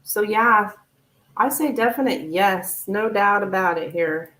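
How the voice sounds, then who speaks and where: A woman of ordinary pitch reads tarot live for her viewers, talking in a chatty, animated way. The sound is roomy, with a clear echo around her voice. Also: a little slow. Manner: chatty, animated, laughs often, thanks viewers warmly. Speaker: tarot reader hosting a live stream. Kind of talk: casual live-stream reading.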